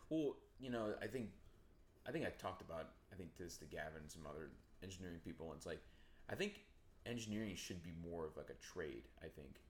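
A man's voice: low voice, animated, a little fast. A young man co-hosting a casual podcast chat, laid-back, swearing freely and trailing into fillers. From New Jersey. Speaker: podcast co-host. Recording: echoey room with faint ambient noise.

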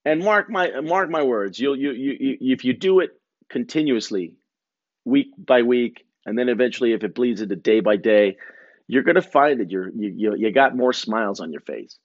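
With lively intonation and a medium pitch, a man in his forties talks at a moderate pace on a muffled recording with no room sound. Hosting his podcast, he wanders from topic to topic, cursing and making fun of himself.

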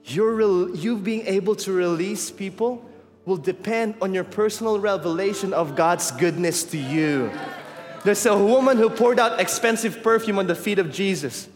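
A man with a high-sitting voice and moderate pace, speaking with a Filipino accent, shares a personal story as part of a sermon. He is candid and conversational and mixes in Tagalog. In the background of the reverberant hall are faint music and crowd noise.

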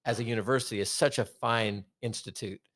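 A man's voice: fairly low pitch, fairly even intonation, brisk, fairly bright tone, no room sound, studio quality. A man co-hosting a casual sports podcast, talking in a rambling way with many restarts. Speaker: podcast co-host.

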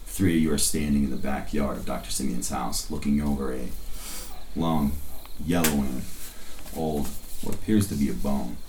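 A man's voice: a bass voice, moderate pace, roomy sound, background noise. A man narrating as game master of a tabletop game in a theatrical, scene-setting way.

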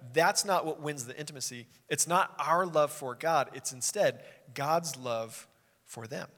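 Animated young pastor in an echoing hall. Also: male voice, fairly high pitch, a little slow. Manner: conversational, animated storytelling with acted quotes. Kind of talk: sermon. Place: church sanctuary. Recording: long hall reverb.

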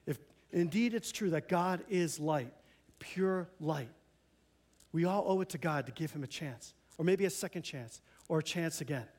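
A man with a notably high voice preaches a sermon from a church pulpit. He talks to the congregation in a plain, earnest way and often stops and restarts mid-sentence. He sounds like he is talking with people rather than declaiming. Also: normal speed, darkish tone. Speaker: pastor. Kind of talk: Christmas Eve sermon.

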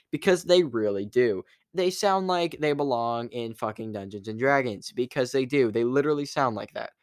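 A man's voice: mid-range voice, no echo, studio quality. A man giving a casual movie review, rambling with restarts, swearing freely and laughing at his own stories.

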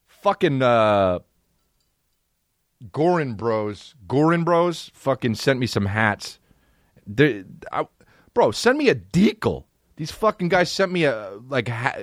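A man hosting a podcast, rambling through an excitable and profane comedic monologue. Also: mid-range voice, no echo, studio quality. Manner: excitable, rambling, heavy swearing. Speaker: podcast host.

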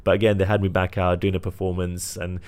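A young man, a magician, casually telling animated stories and quoting people, laughing often. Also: deep voice, quick pace, smooth. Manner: animated storyteller, quotes others, laughs often. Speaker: magician and entertainer. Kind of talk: casual chat.

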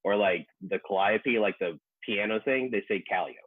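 Hesitant low-voiced man on a tinny line. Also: moderate pace, slightly rough, no room sound. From New Orleans, USA. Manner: hesitant, many fillers, laid-back. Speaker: guest, professional cook. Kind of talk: casual podcast chat.

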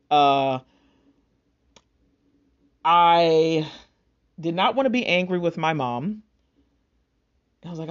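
A woman's voice: sits low, lively intonation, moderate pace, long pauses. A young woman earnestly recounting a personal loss and her faith, in an emotional, storytelling way. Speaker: speaker sharing a personal testimony. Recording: dull lo-fi sound.

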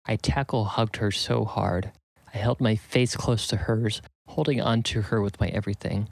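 A man's voice: fairly low pitch, fairly even intonation, normal speed, vocal fry, no room sound. A man narrating a serial first-person story in an earnest, urgent way.

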